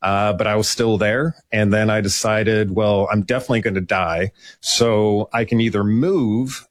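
Low-voiced man, dry close sound. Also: dry recording. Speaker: police officer guest. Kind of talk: personal story in a podcast interview.

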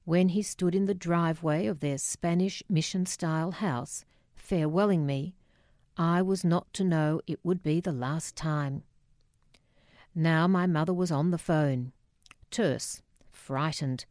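A middle-aged woman reading a memoir aloud, measured and quietly emotional, voicing the dialogue herself. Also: sits low, no room sound, studio quality. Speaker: narrator.

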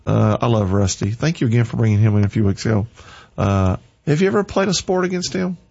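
A man's voice: fairly low pitch, lively intonation, quick pace, vocal fry, a little mellow, highs cut off. Folksy Southern man on the radio. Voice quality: folksy, rambling and chatty. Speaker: radio host. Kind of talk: casual radio chat.

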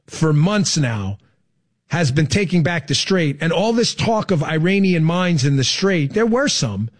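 A man hosting a political talk show from his studio, his voice sitting high for a man. He talks with emphatic, fired-up energy, punching words in loud bursts before sinking into low asides. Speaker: radio and podcast host. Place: studio with a co-host.

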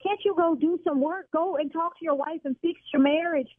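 A woman, a salon owner on a phone call, scolding and exasperated, rising to shouting. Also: very high voice, a little fast, no echo. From Chicago South Side. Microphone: telephone. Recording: tinny phone line.

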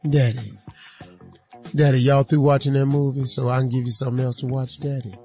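A man's voice: medium pitch, level tone, fairly quick, warm tone, soft background music, pitched below the performer's own voice, lightly acted. A man voicing a brassy, cussing woman who keeps calling a man daddy, in a mocking sing-song drawl.

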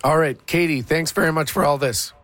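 A man hosting morning radio in a studio, relaxed and conversational, his voice going hoarse. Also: on the high side, a little fast, no echo. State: losing voice. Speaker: radio host. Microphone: studio mic.

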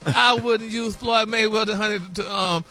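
A flamboyant man delivering celebrity gossip with a high, very bright voice. He calls everyone honey and y'all and throws in lots of sass. Soft music plays under him. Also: normal speed. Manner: sprinkles "honey" and "y'all" constantly, animated. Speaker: celebrity news reporter on a radio show.

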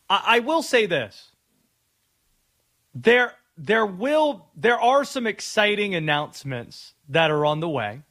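A man hosting sports radio, talking casually and rambling through announcements. His pitch is slightly high and moves a lot. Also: fairly bright tone. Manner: rambling, stammering restarts.

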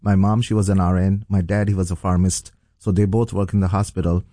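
A middle-aged pastor tells his testimony in an earnest, halting way, full of fillers and restarts. His voice sits low and mellow. The recording is dry, with no room echo. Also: little pitch movement. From Pakistan. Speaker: pastor and guest. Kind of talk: telling a personal testimony.

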